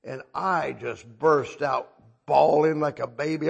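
A man delivers a sermon in a husky, slightly breathy voice. He talks to the congregation like old friends, asking if they follow. His delivery swings from hushed confession to loud, emphatic bursts. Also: a little high, fairly even intonation, slow pace. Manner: conversational, checks in with listeners. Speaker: preacher.

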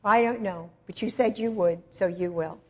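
Husky-voiced woman preaching a testimony. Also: mid-range voice, moderate pace. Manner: earnest, storytelling, swings between soft and emphatic. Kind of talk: personal testimony sermon.

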